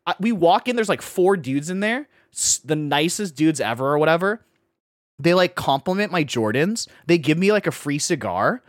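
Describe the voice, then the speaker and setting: A man telling a long story in casual chat, animated, acting out his friends' voices and filling his talk with "like" and "right?". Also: on the high side, no room sound, clean studio sound. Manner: fast, full of "like" and "right?".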